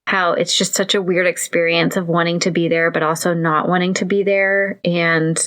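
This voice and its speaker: Woman podcast host, lowish voice. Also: little pitch movement, moderate pace, a bit bright. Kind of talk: casual interview chat.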